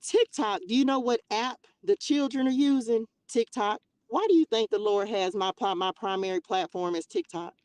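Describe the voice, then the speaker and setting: A woman's voice: fairly high pitch, normal speed, hardly any pauses, no echo. Woman, livestream preaching rant, emphatic, laughs often, dry close sound. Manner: emphatic, animated, laughs often, rhetorical questions. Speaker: livestream host.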